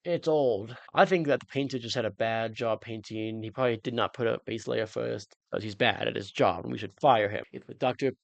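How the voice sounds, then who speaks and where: A man with a gravelly, fry-edged voice of middle pitch, recapping a TV episode in a loose, joking way. He rambles through his theories and leaps up in pitch when something surprises him. The sound is dry and close, with no room around it. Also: brisk, hardly any pauses, no room sound. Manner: jokey and rambling, with sudden excited jumps in pitch. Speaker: reaction channel host.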